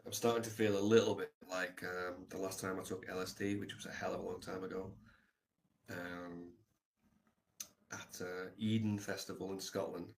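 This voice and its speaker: Man, livestreamer, casual monologue, reflective, loose and rambling, lower pitch. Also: level tone, moderate pace, creaky, a little hiss or hum. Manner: reflective, swears casually, many fillers.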